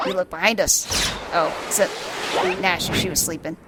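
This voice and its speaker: A woman casually narrating a video game for blind viewers, laughing often, swearing, and excitedly describing what happens on screen. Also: fairly low pitch, moderate pace, very noisy.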